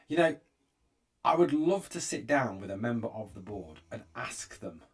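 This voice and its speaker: A man's voice: lowish voice, breathy edge, distant mic. Exasperated man ranting. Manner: exasperated, emphatic, repeats himself. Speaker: fan channel host. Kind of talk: opinionated fan commentary monologue.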